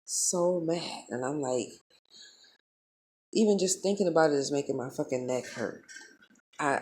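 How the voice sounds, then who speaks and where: A low-pitched woman tells a story straight to her audience. She talks in a heated, profane and animated way, in the loose flow of a casual vlog. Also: creaky, a little hiss or hum. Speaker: vlogger.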